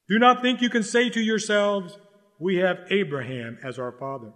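A man preaching a sermon in an urgent, exhorting way, repeating key lines slowly for stress. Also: sits high, a bit bright, long reverb tail.

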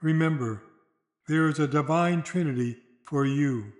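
A man delivering a sermon in a solemn, measured way, slowing down for dramatic quotations. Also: a little high, a little mellow, echoey room. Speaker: preacher.

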